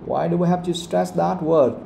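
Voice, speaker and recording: A man teaching a live English pronunciation lesson, asking the class the same question again and again and saying the example sentences slowly. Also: fairly high pitch, vocal fry, dark tone. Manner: asks questions again and again, quotes the audio slowly. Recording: echoey room, faint background noise.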